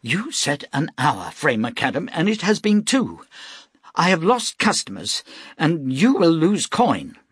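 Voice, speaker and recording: A man's voice: medium pitch, very animated, measured pace, husky, no echo, studio quality, pitched above the performer's own voice, exaggerated voice. A man reading aloud plays a fussy, stammering innkeeper who pushes his point. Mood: angry. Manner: flustered, stammering, pushy. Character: excitable, fussy male innkeeper.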